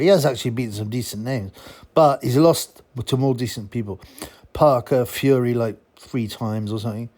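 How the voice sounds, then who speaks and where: A man's voice: mid-range voice, a little mellow. A man giving a blunt, mocking, casual monologue as a boxing commentator. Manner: blunt, mocking, chuckling asides.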